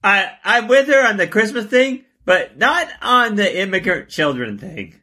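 Lively, husky-voiced man laughing through chat. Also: high-pitched, a little slow. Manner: animated, laughs often, swears. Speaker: podcast co-host. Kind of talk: casual chat.

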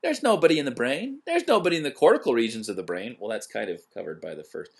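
A man co-hosts in casual, skeptical chat and debunks claims with a dry, sardonic edge. His voice is lively and animated, swinging up and down. He often stops and restarts with ums and uhs. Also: mid-range voice, gravelly. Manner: sardonic, debunking, halting with fillers. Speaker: podcast co-host.

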